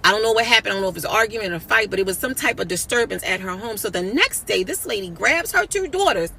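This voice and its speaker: A woman's voice: medium pitch, expressive, fast talker, creaky, bright, forceful tone, slight background noise. A woman comedian recounting a story in a blunt, indignant, profane way, talking straight to her listeners. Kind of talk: storytelling commentary.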